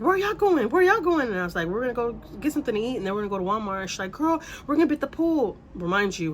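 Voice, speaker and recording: A woman's voice: on the low side, fairly bright tone, slight background noise. A woman telling a vacation story in casual storytime style, rambling and repeating herself with the odd swear word.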